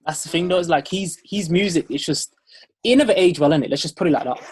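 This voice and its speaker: Young male co-host, raspy and a bit high, easy slangy banter. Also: fast. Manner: laid-back, laughs often, slang-heavy. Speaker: podcast co-host. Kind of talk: casual chat.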